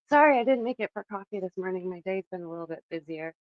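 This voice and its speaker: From her kitchen at home, a woman in her thirties runs a casual livestream, chatting in a rambling way and reading the chat out loud. She has a medium-pitched voice, recorded on a phone with dull audio.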